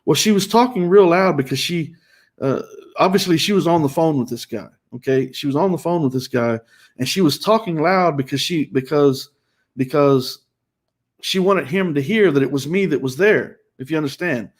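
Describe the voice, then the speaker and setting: Male host, raw and emotional storyteller, fairly high voice, stumbling restarts. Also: normal speed. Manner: emotional, many restarts and repetitions.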